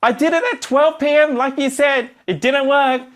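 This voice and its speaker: A man playing a panicky beginner coach who whines and wails in a high voice during a live workshop. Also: very animated, measured pace, fairly bright tone, exaggerated voice. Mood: defensive whining. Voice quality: high, whiny, wailing. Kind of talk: acted example in a live workshop.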